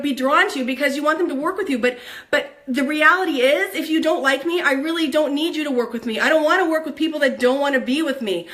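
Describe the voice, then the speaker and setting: A high, bright-voiced woman talks straight to the camera in an upbeat motivational vlog. She is bubbly and excitable, coaching her viewers as someone who works in online network marketing.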